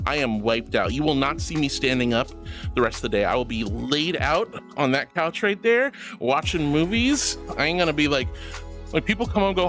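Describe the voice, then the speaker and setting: A woman streaming live, chatting with her viewers in a bubbly, affectionate way. She calls them sweetie and honey, giggles often, and has a voice that is a bit deep for a woman. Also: expressive, normal speed, faint music behind. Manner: giggly, playful asides. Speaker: VTuber streamer. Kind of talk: livestream chat with viewers.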